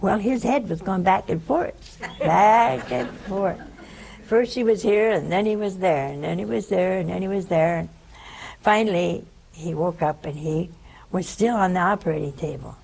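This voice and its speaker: A woman's voice: on the low side, moderate pace, creaky, slight background noise, low-quality recording. An older woman giving an informal spiritual talk, telling a story and acting out the people in it. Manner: storytelling, animated in quoted speech. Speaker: religious teacher.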